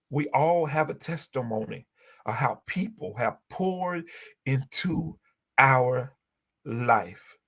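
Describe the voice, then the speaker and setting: A man's voice: mid-range voice, lively intonation, slow pace, a bit bright. A man hosting a live stream, giving a heartfelt inspirational talk with a preacher-like repetitive cadence and open emotion, speaking into a phone. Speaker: livestream host.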